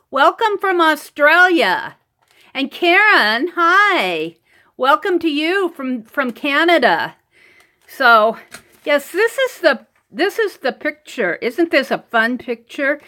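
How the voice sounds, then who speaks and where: A woman hosting a live art stream paints while she chats casually, laughing often and greeting viewers by name. Her voice sits high and sounds pushed and bright, picked up by a computer mic over a wireless connection.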